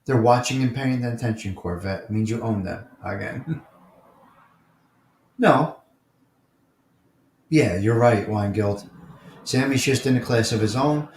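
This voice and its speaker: A man with a New York accent talks casually on a live stream, answering chatters by name and hammering his points with repetition. His voice sits at an everyday middle pitch. The room around him rings with a noticeable echo. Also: unhurried, long pauses, a little mellow. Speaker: host of a live morning chat stream. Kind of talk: casual livestream chat, reading and answering viewer comments. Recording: roomy echo.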